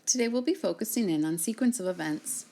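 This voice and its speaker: A woman teacher giving a recorded reading lesson, sounding out words slowly and clearly for her students. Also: mid-range voice, lively intonation, dark tone.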